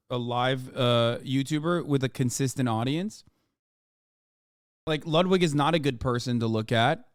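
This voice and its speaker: A man streaming casual reaction commentary, rambling with fillers and swearing, turning loud and heated when he rants. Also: mid-range voice, smooth, dry recording, studio quality. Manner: profane, rambling, with frequent fillers.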